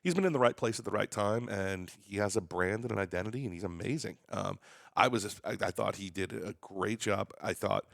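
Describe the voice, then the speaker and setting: A man's voice: fairly low pitch, brisk, gravelly, no room sound, clean studio sound. A man from Long Island with a New York accent, a DJ chatting as a podcast guest and acting out quotes as he tells stories. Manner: animated storyteller, acts out quotes. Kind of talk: casual podcast chat.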